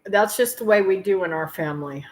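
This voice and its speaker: A middle-aged woman hosting her homestead channel, talking to her viewers in a heartfelt, rambling way with filler pauses and tearful moments. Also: medium pitch, a little mellow, poor audio. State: tearful at times. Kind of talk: emotional personal talk to viewers.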